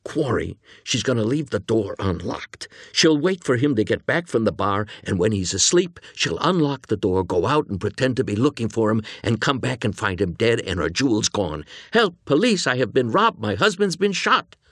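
A nervous young hitman who pleads and pushes his plan , as a man reads him in an audiobook. His voice sits higher and swoops with worry. The sound is close and dry. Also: big pitch swings, a bit bright, husky, no echo, full character voice. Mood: nervous pleading. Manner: earnest, pleading, talking fast. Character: nervous young male hitman partner, eager and jittery.

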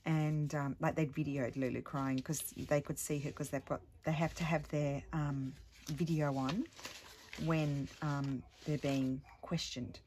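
Low-voiced middle-aged woman, rambling. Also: little pitch movement, measured pace, a little hiss or hum. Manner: rambling storytelling with many restarts; sometimes drops to a hushed voice. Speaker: crafting vlogger. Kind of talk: casual chat while crafting.

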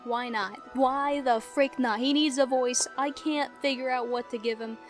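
A woman's voice: high voice, fairly even intonation, normal speed, faint music behind. A woman hosting a casual game playthrough, playful and self-mocking, with giggly asides. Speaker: gaming video host.

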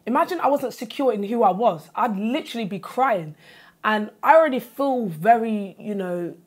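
A woman, talking emotionally and close to tears in a reality show chat, halting and full of slang. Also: on the high side, animated. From England. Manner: tearful, halting, uses London slang. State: close to crying. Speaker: reality show cast member.

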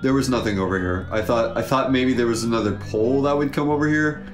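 A man with a blocked, congested nose chats casually while he plays a video game, grumbling dryly at his mistakes. His voice carries a roomy echo, and soft music plays faintly underneath. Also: medium pitch, fast talker. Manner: dry, sarcastic grumbling at the game. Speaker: let's play gamer and co-host.

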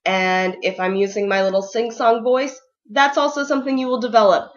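A woman's voice: fairly high pitch, steady tone, a little fast, highs cut off. A young woman teacher giving casual, upbeat advice in a vlog, full of ums and likes. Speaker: ESL kindergarten teacher.

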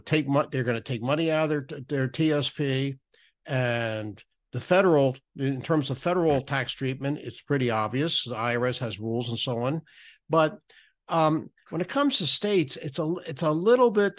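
Halting man explaining tax rules. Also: medium pitch. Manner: halting, with many restarts and repeated words. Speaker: podcast guest, federal benefits writer. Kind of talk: explanatory podcast talk.

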